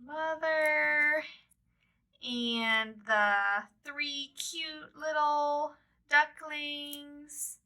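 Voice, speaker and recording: A woman teacher retelling a story for English learners, repeating key words and explaining them deliberately. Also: high-pitched, fairly even intonation, pushed and bright, poor audio.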